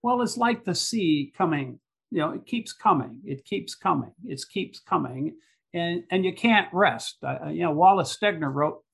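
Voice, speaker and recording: Gravelly, husky-voiced New man. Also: on the high side, unhurried, fairly bright tone. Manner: rambling, hesitant, many fillers. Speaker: environmental activist guest. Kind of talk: casual conversation.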